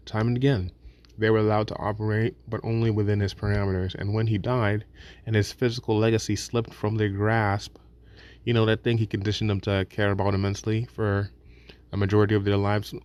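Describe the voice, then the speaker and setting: A man with a lowish voice narrating a reflective video essay, recorded dry and close. He talks casually and swears freely, stumbling into restarts and slipping into little acted asides. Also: darkish tone, no echo.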